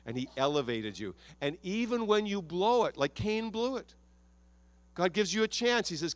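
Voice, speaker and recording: Animated preaching man, dry close sound. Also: normal speed, no echo. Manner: animated preaching, acts out prayers and quotes in shifting pitch. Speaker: pastor. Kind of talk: sermon. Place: church.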